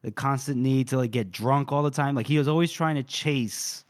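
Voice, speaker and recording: A man co-hosting a book podcast, retelling scenes in an animated, casual way. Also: mid-range voice, normal speed. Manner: animated retelling, frequent laughs. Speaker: podcast co-host.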